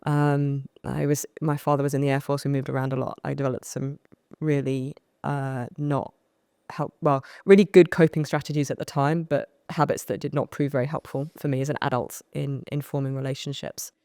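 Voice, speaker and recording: A woman's voice: rumbling low, fairly quick, no echo, studio quality. A woman from the UK, a podcast guest and coach, telling candid, self-deprecating stories about her past. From United Kingdom. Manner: self-deprecating, animated acting-out of past moments. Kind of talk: candid storytelling in conversation.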